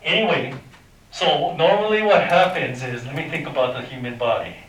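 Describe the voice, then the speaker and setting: Animated and fairly bright, a man with a high-leaning voice teaches high school math at normal speed. He keeps it informal with quizzes and sound effects, heard from far off in an echoey classroom.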